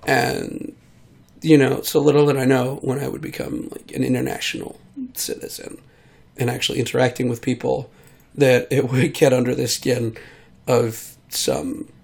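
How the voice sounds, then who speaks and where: Gravelly man rambling while sick. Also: mid-range voice, fairly even intonation, normal speed, a little mellow. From United States. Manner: meandering, trailing off, many fillers. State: sick, voice hard to control. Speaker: vlogger. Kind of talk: rambling casual monologue.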